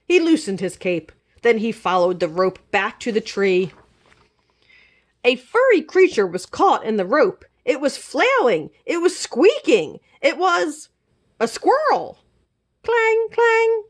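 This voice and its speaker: A woman librarian reading a children's chapter book aloud in an expressive, animated manner. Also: on the high side, a little slow.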